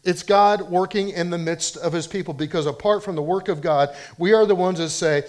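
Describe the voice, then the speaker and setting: A man preaching a sermon in an animated way, rising loud when he quotes people and dropping soft and low for personal appeals. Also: a little fast, few pauses. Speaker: pastor.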